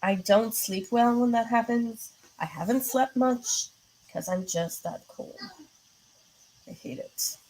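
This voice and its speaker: A woman's voice: mid-range voice, a little mellow, husky, rough recording. A woman hosting a live stream who chats casually with her viewers, rambling along with plenty of fillers. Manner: rambling and chatty, with many fillers; replies to viewer comments as she goes. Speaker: livestream host chatting with viewers.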